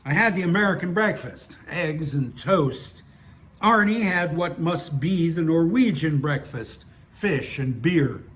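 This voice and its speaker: A man's voice: fairly high pitch, expressive, unhurried, fairly bright tone. An older man reading his own stories aloud and breaking off into digressive, self-mocking asides. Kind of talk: story reading with chatty asides.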